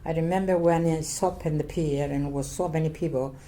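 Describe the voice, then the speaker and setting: An older woman from Cyprus, Greek her first language, telling her life story in an oral history interview in halting, repetitive English. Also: deep voice, steady tone, warm tone, slight background noise. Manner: halting, repetitive non-native English, earnest.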